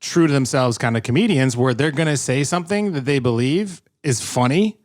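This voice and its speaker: A man's voice: mid-range voice, a little fast, a little mellow, no room sound. Emphatic man on a dry mic. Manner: emphatic and opinionated, laughs while talking. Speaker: podcast co-host. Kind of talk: casual chat.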